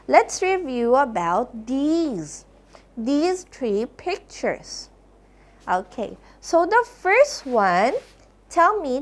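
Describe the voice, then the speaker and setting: A woman teaching a slow phonics lesson to young children, sounding out letters and praising often. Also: high-pitched. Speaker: kindergarten English teacher.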